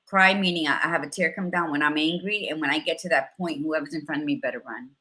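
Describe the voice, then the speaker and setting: Hosting a candid, casually chatty talk show, this woman in her fifties sounds bright and forceful, talking fast. She opens up emotionally before shifting to a motivational tone in a lowish voice, occasionally doing something with a phrase.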